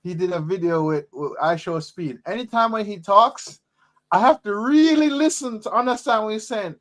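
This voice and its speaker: A man chatting casually on an online stream as a guest, excitable and restarting his sentences. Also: high voice, moderate pace. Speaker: podcast guest. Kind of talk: casual chat.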